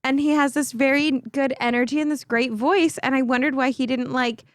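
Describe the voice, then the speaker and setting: A woman's voice: high-pitched, steady tone, brisk, dry recording, clean studio sound. A woman co-hosting a podcast in casual chat, teasing and bantering flirtatiously. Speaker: podcast co-host.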